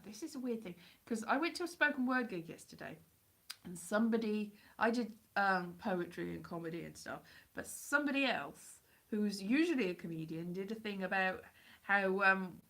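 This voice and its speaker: A Welsh woman whose accent has been blurred by years in England, mixing Welsh with English Midlands, rambles in a self-deprecating way on a live stream. Her voice is medium-pitched with a fairly bright tone.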